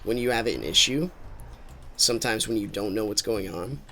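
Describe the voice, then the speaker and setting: A man's voice: lowish voice, moderate pace, pushed and bright, faint music behind. A man streaming a game with casual commentary, rambling and thinking aloud as he drifts into musings.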